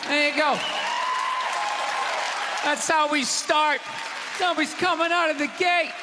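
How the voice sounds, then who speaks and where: A man doing a stand-up routine in a large theater, ranting loudly and mocking people in put-on voices. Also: very high-pitched, fairly even intonation, measured pace. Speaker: stand-up comedian. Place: large theater with live audience. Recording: live theater recording, hall reverb, audience noise. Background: audience laughter and crowd.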